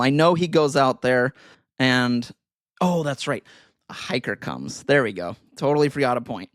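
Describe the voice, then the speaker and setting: A man's voice: mid-range voice, dry recording, studio quality. A man on a podcast casually retelling a movie plot in a rambling way, full of fillers and self-corrections. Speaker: podcast co-host.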